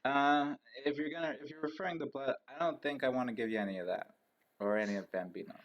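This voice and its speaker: A man's voice: medium pitch, fast. A man in casual chat, voicing his character hesitantly and apologetically. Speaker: co-host playing the story's character.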